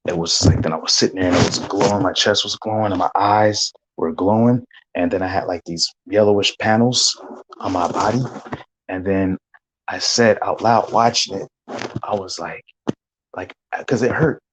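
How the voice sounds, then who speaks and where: A man animatedly recounting a spiritual vision as testimony, acting out gasps and shouts along the way. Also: low voice, fairly even intonation, moderate pace, noisy background.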